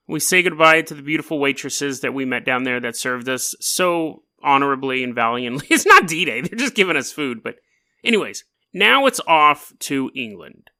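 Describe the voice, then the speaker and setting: Bright, animated male podcast host. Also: mid-range voice, moderate pace. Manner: animated, joking and rambling. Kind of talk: casual storytelling podcast.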